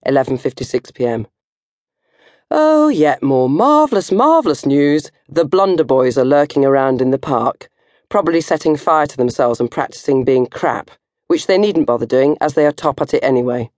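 An older woman reading her own comic novel in first person, animated and jumping to high squeals for effect. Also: fairly quick, dry recording, studio quality.

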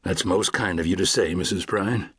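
A man voicing a modest, principled frontier lawman who speaks quietly and politely. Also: deep voice, moderate pace, breathy edge, dry recording, studio quality. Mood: earnest.

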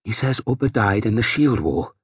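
A man voicing a nervous older priest who speaks in a hushed hiss. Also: fairly low pitch, expressive, moderate pace, breathy edge, no room sound, clean studio sound. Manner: hissing, nervous. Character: anxious older male priest, hushed and pleading.

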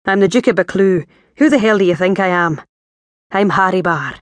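Curt, cross Highland man, Scottish with a Scandinavian edge, put on by a woman reading an audiobook. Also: expressive, moderate pace, no room sound. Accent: Scottish Highland with a Scandinavian tinge. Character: tall, broad, impatient Highland man.

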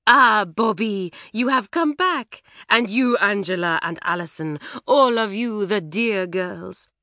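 A woman voicing a plump, effusive middle-aged French schoolmistress with a French accent, loud and exclamatory. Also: mid-range voice, lively intonation, slow pace, dry recording, clean studio sound, pitched above the performer's own voice, exaggerated voice. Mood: fussing. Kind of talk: audiobook character voice.

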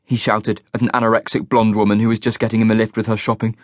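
A man narrating a crime thriller audiobook in an expressive reading style. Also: lowish voice, quick pace, no echo, studio quality. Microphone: studio microphone.

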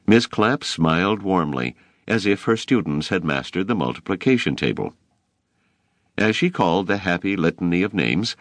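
Man, audiobook narrator, deep voice, slow pace, expressive, dry close mic. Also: dry recording. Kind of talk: scripted narration.

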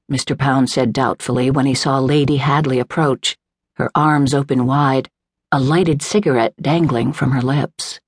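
A woman reading a literary novel aloud in a measured, unhurried way, voicing the characters lightly. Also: very deep voice, steady tone, slightly rough, no room sound, studio quality. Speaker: audiobook narrator. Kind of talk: scripted narration. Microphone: close studio mic, dry.

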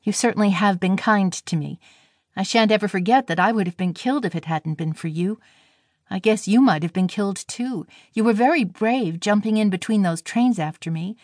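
A woman's voice: mid-range voice, normal speed, darkish tone, dry recording, clean studio sound, lightly acted. A woman reading the part of a shy, timid young girl who speaks earnestly and anxiously.

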